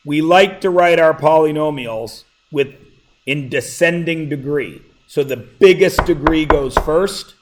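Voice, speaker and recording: A man teaching a high school math class in a classroom, relaxed and jokey, often checking that his students are following. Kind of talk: classroom lecture. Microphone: plugged-in classroom mic.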